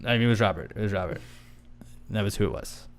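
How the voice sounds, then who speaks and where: A man's voice: fairly low pitch, fast. A young man co-hosting a podcast, bantering in a loose, joking way. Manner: loose and joking, drops into loud mock-outraged shouting for impressions. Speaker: podcast co-host. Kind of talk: casual comedic banter.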